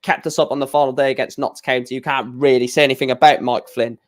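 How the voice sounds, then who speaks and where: A man's voice: medium pitch, fairly even intonation, quick pace. A young man chatting casually on a live stream, rambling with stammered restarts and blunt opinions.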